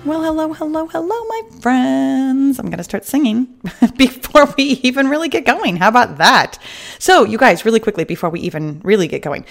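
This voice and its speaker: Middle-aged lady rambling on her fitness podcast, chatty, laughs a lot, normal mid pitch. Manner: chatty and upbeat, laughs often, rambles off on tangents. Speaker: podcast host and weight loss coach. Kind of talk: casual podcast monologue.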